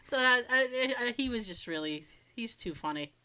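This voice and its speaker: A woman co-hosting a podcast, telling animated stories in casual chat, swearing freely and laughing often. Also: on the high side, normal speed, smooth. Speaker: podcast co-host.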